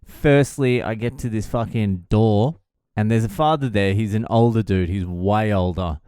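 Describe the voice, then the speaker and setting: A man's voice: on the low side, normal speed, warm tone, clean tone, dry recording, studio quality. A man in his thirties telling a story in a casual, profane and exasperated way. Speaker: vlogger.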